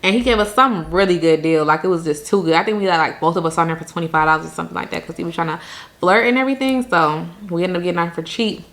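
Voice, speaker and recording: A woman from Jamaica tells her viewers a vacation story in a casual, chatty way. Her voice is bright and a little low, and she laughs often as she talks straight to the camera. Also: racing. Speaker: vlogger telling a story.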